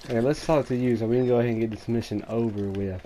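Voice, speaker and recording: A man's voice: medium pitch, fairly even intonation, fast, warm tone, a little hiss or hum. A man casually commenting on gameplay as host of his gaming channel, rambling and chatty with lots of fillers.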